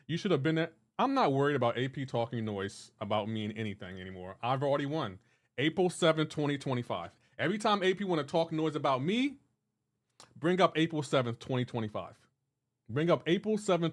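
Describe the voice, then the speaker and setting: A young man live-streaming a game, chatting casually with his chat and teasing them in playful banter. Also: on the high side. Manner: teasing, banter-heavy, breaks into laughter.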